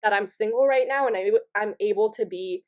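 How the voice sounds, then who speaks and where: A woman's voice: mid-range voice, a little fast, lo-fi sound. A young woman hosting her own podcast, telling a funny story in a casual, rambling way and often breaking into giggles. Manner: giggly, rambling, self-mocking. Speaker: podcast host. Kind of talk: casual solo story time.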